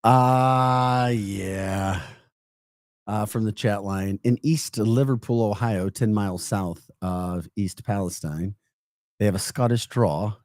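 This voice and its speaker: A man with a St. Louis accent hosting a morning radio show, energetic and rambling, laughing often. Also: fairly low pitch, slow, dry recording, clean studio sound. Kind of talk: casual talk radio. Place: radio studio.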